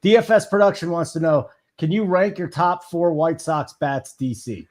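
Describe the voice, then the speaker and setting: A man's voice: on the high side, normal speed. Brash man hosting a betting show. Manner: brash, teasing, pushes co-hosts along. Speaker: host. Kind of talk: live sports betting show chat.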